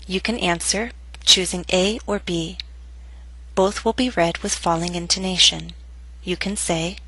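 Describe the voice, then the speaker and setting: A woman teaching English pronunciation in scripted narration, reading model phrases slowly and clearly. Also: fairly low pitch, fairly even intonation, pushed and bright, no room sound, low-quality recording.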